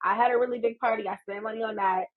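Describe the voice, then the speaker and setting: An American woman in her thirties, a podcast guest telling stories in an animated, laughing way. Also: on the high side, racing, narrow, tinny audio, crowd noise. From United States. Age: 30s. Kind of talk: casual storytelling chat.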